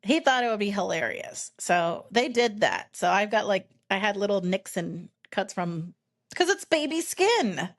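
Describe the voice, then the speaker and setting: A woman with a mid-range voice tells a story on a podcast, rambling and restarting her sentences as she goes. Her delivery is animated and casual, with frequent swearing. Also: mid-range voice, unhurried. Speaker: podcast host.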